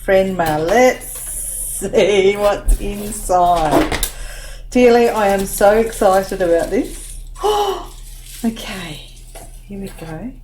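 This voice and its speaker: Woman crafting vlogger, unhurried, emotional, excitable unboxer; faint background noise. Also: medium pitch. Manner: gushing, excitable, many oohs and wows. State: tearful. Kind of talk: unboxing vlog chat.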